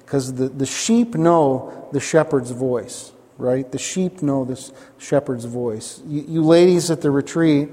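A man's voice: medium pitch, unhurried, hardly any pauses, mellow, in a large hall. A man preaching a sermon as pastor, emphatic, repeating his lines and asking the congregation questions.

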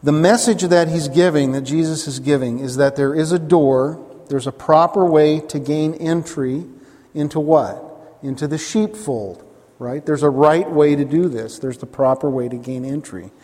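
Pastor, male, slightly high voice, preaching emphatically in a church with a long echo. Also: moderate pace, warm tone. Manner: emphatic, repeats lines, asks the congregation questions. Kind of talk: sermon.

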